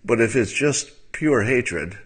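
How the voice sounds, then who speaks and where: A man giving casual livestream commentary in a wry, musing way, with fillers and soft laughs. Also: mid-range voice, expressive, slow, slightly rough.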